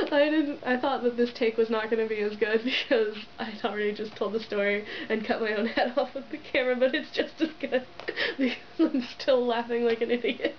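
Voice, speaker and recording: At a normal speed and in a steady, slightly high tone, a young woman vlogger tells her camera a story, gushing, giggling, and saying "like" constantly. Dull lo-fi camera audio picks up slight background noise.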